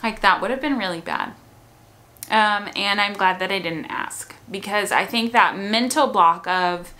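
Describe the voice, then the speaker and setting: Bright-voiced woman chatting casually. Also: mid-range voice, animated, moderate pace. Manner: chatty, with frequent "um" and "like". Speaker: mother telling her birth story. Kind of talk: casual storytelling to camera.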